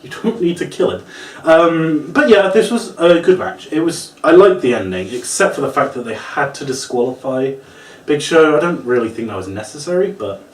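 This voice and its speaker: A man's voice: on the high side, moderate pace. A man giving a casual, ranting wrestling review, swearing often and acting out the moves. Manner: animated, swears often, acts out moves and quotes. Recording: roomy, distant from the mic.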